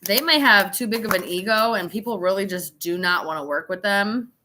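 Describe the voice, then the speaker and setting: Bright-voiced tipsy woman reading tarot. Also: mid-range voice, fairly quick, a little hiss or hum. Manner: chatty, swearing, laughing, dramatic asides. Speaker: tarot reader. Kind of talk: casual live tarot reading.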